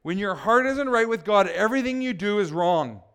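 A man's voice: high-pitched, animated, moderate pace, a bit bright, clear, resonant tone. A man preaching a sermon as pastor, speaking emphatically and asking the congregation questions.

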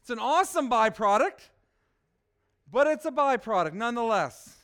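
Man, pastor, sermon, high voice, smooth tone, rhetorical questions, soft-to-loud swings. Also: lively intonation, moderate pace.

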